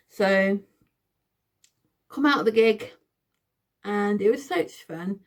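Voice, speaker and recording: A woman in her thirties, telling a storytime vlog in an excitable, giggly, chatty way. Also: mid-range voice, slow pace, pauses often. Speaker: vlogger. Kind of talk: casual storytime.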